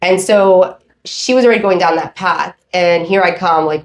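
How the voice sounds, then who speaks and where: A woman around forty, a podcast guest telling her own story in casual chat, animated and acting out what others said. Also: on the low side, moderate pace, a little hiss or hum. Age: 30s. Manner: animated storytelling with quoted voices.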